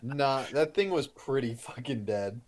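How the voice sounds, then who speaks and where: A man's voice: medium pitch, lively intonation, unhurried, darkish tone. A man co-hosting a podcast, telling a story in casual chat with lots of swearing and bragging. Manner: profane, boastful storytelling.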